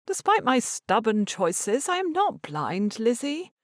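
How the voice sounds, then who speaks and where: A woman voicing a proud, stubborn middle-aged mother in a Regency audiobook, speaking in a brisk, clipped, weary way. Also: a little high, huge pitch swings, dry recording, clean studio sound, voice pushed up, full character voice. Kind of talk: audiobook character reading.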